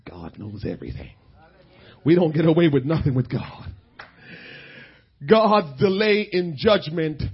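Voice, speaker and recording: High-voiced husky preacher man, shouting. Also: lo-fi sound. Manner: preaches with shouted bursts and laughing asides. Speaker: pastor. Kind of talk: sermon.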